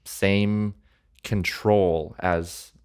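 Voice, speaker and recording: A man's voice: sits low, steady tone, drawn-out words, a little mellow, clear, resonant tone. A man co-hosting a church podcast, reading scripture and explaining it in hesitant, casual talk full of fillers. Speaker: podcast co-host.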